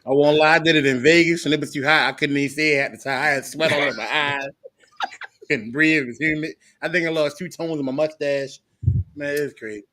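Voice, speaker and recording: A man co-hosting a casual podcast chat, joking and cutting in with quick remarks. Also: on the high side, steady tone, noisy background. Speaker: podcast co-host.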